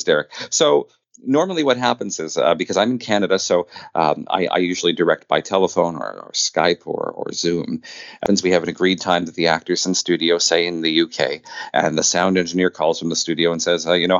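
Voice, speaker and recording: A man, an audio drama producer, talking as an interview guest, animated and full of stammering restarts. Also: low-pitched, a little fast, no echo, lo-fi sound. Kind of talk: conversational interview.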